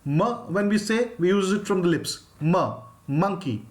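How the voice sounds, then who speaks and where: Indian guy teaching phonics live, kinda high voice, drags out each sound and reads out names. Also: a little mellow. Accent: Indian English. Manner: slow, drawn-out demonstration of sounds, reading out viewers' names. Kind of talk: live online phonics lesson.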